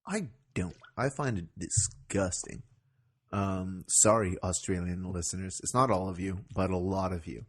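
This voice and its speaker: Husky-voiced man, dry joking podcast co-host. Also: sits low, unhurried. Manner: dry, mock-blunt joking. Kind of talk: casual comedic chat.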